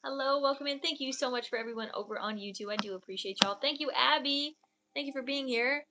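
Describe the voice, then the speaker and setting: A woman energy healer, leading a soft, slow guided meditation and then chatting warmly and effusively with viewers on a livestream. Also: high voice, noisy background. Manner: effusive, affectionate chat with viewers. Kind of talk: guided energy healing and casual livestream chat.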